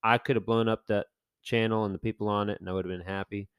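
A man co-hosting a podcast, telling animated, rambling stories in casual chat with lots of fillers. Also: fairly low pitch, fast, clear, resonant tone, no room sound, clean studio sound. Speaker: podcast co-host.

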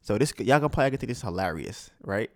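A man's voice: mid-range voice, animated, quick pace, no room sound, studio quality. A young man hosting a podcast, telling a slangy, exasperated story and acting out both sides of a phone call. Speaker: podcast host. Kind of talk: casual storytelling chat.

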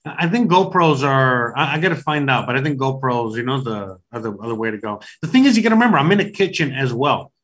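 A man's voice: medium pitch, big pitch swings, fast, hardly any pauses, a bit bright. A man who hosts a cooking show, chatting casually with fillers and swearing. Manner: rambling, swearing, many fillers. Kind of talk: casual banter.

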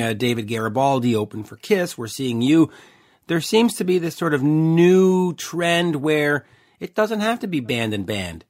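A man hosting a rock talk show in a loose, chatty way, stumbling through fillers and restarts. His voice sits a little high for a man. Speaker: podcast host. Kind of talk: casual interview chat.

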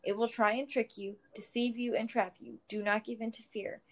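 A woman voicing an emotional, loving hobbit father who speaks loud and firm. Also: fairly high pitch, steady tone, normal speed, close to an everyday voice. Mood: commanding. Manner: loud, firm, then tearful and joyful.

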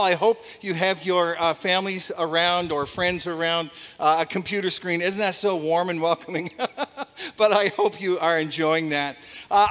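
A male pastor with a high voice gives a Christmas Eve devotional to people watching online. He talks in a friendly way, chuckles now and then and repeats his key phrases. His voice rings with a long reverb, as if he is speaking in a large hall. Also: fairly bright tone.

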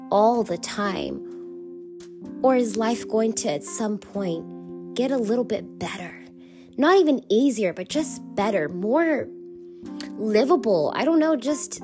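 A woman hosting her own podcast, talking openly and emotionally in a rambling, repetitive way. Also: mid-range voice. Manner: candid, emotional, rambling with repeated phrases. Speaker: podcast host. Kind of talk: confessional solo podcast.

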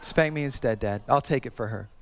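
A man voicing his six-year-old son, speaking softly as the boy offers to take his sister's punishment. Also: mid-range voice, fairly quick, pitched below the performer's own voice, close to an everyday voice. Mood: tender.

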